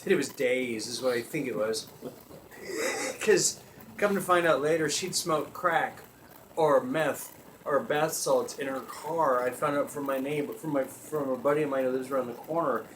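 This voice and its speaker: A man hosting a talk show, telling a comic story in an animated way, often laughing as he talks and swearing freely. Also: medium pitch, moderate pace, a little hiss or hum. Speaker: podcast host. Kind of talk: comedic storytelling.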